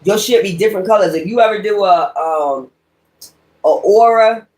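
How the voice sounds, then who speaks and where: A woman's voice: mid-range voice, moderate pace, a little mellow. Woman, tarot reader, mid-range voice, blunt and profane, ranting, roomy echo. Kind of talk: spoken tarot reading. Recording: echoey room.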